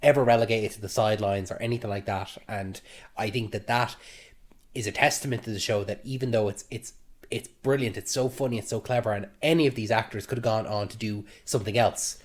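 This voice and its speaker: A man's voice: fairly low pitch, fairly even intonation, a little fast. A man co-hosting a casual podcast, rambling and trailing off with filler phrases. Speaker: podcast co-host.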